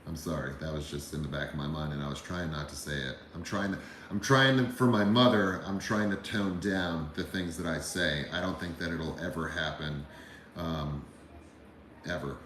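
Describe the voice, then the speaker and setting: A man's voice: a bass voice, steady tone, normal speed, a bit bright. A man from the United States hosting a livestream, chatting casually, rambling and swearing as he reads viewer comments. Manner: rambling, profane, laid-back. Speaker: livestream host. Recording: very echoey room with faint background noise.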